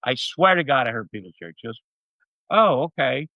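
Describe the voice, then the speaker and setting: A man in his sixties spins a loose, rambling story as a podcast guest. He restarts sentences and leans on "uh" and "you know," and his mid-pitched voice sounds dry. The recording is a little dull and muffled. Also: very animated, very fast, no echo. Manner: rambling anecdotes with many fillers. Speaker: interview guest. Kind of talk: casual storytelling. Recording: dull, slightly muffled audio.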